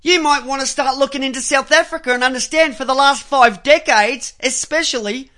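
Bright-voiced ranting man. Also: extremely high pitch, fairly quick. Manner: ranting, profane, mocking, shouting in bursts. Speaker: radio show host. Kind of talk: angry radio rant.

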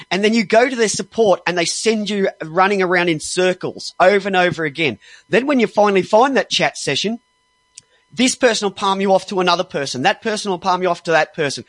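A man with a fairly high voice rants at length, swearing constantly and sounding exasperated. He trips over his words and restarts when worked up. The recording is close and dry, with no room sound. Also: moderate pace, a bit bright, no echo. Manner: heavily profane, exasperated. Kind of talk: angry ranting monologue.

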